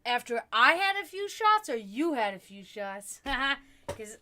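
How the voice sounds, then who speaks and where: A woman's voice: on the high side, sing-song, takes it slowly, bright, forceful tone, a little hiss or hum. Chatty woman streamer who swears freely. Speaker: livestream host. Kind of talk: casual chat with stream viewers.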